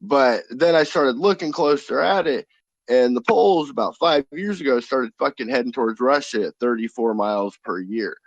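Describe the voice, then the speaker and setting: A man's voice: medium pitch, normal speed, no room sound, dull audio. A man talking casually as a podcast guest, rambling with frequent swearing and fillers.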